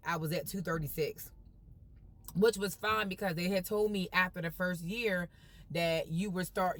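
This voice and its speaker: A woman's voice: lowish voice, fairly bright tone. A woman live-streaming from a car on her phone, chatting casually with her viewers in a folksy, upbeat way. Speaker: vlogger.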